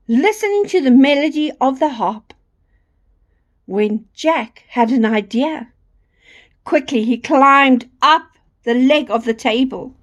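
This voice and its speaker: A woman reads a children's fairy tale aloud in a high voice. She takes her time and lingers expressively over each line, the way a storyteller reads to small children. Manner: slow, expressive read-aloud.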